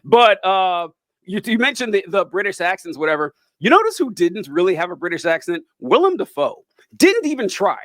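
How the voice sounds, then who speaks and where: A man's voice: high voice, very animated, normal speed, fairly bright tone, dry recording. A man co-hosting a casual chat about a movie, rambling and swearing freely with frequent laughs. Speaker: podcast co-host.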